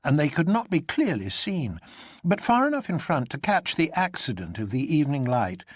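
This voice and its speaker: Story narrator, lively animated pitch, dry close recording. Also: moderate pace, husky, dry recording. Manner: expressive storytelling. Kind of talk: scripted narration of a novel.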